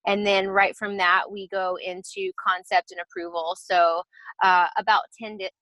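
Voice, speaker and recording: A woman's voice: mid-range voice, flat delivery, normal speed, bright, forceful tone, no room sound, poor audio. Chatty woman interior designer, dry sound. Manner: chatty, explanatory, many fillers and restarts. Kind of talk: casual podcast interview.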